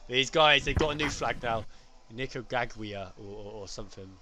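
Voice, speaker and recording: A man's voice: medium pitch, a crowd in the background. A man doing live commentary for an online racing league, chatty and joking with his co-host. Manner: chatty, jokey, quick banter with co-host. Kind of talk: live race commentary on stream.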